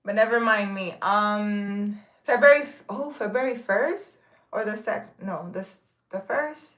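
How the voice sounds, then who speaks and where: Reading viewer comments aloud and replying to each, a spiritual healer rambles casually with many fillers and restarts. She talks a little slowly, and her mid-range voice has a fairly bright tone.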